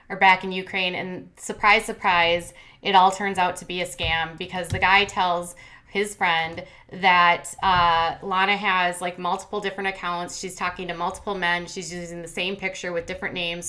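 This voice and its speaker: A woman with a bright, ringing voice talks through a reality show recap in a loose, chatty way. She retells scenes and quotes, full of "like" and "um". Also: on the low side. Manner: chatty, lots of fillers and retold quotes. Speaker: commentary channel host. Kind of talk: casual recap commentary.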